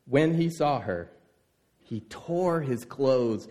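A man preaching a sermon, telling a scripture story with lively, voiced exclamations. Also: medium pitch, slow pace.

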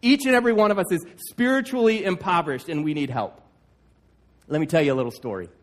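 A man's voice: on the high side, fast talker. A male pastor preaching a sermon, emphatic, with stammered restarts and "like, like".

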